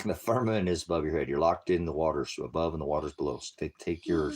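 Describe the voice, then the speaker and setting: A man's voice: extremely low pitch, quick pace, a little mellow, husky. A man hosting a casual livestream, rambling and joking, often breaking off to baby-talk his dogs. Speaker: livestream host.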